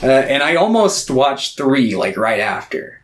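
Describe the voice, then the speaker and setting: A man's voice: medium pitch, sing-song, unhurried, a bit bright, a little hiss or hum. A man co-hosting a casual podcast, rambling with lots of fillers and casual swearing. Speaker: podcast co-host. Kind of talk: casual chat.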